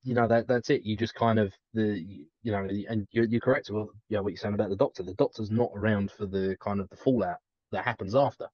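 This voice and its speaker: Young man, low voice, dull lo-fi sound, casual podcast chat, animated storytelling. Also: fast, dry recording. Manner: animated storyteller, mimics characters with sudden high pitch jumps. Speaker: podcast co-host.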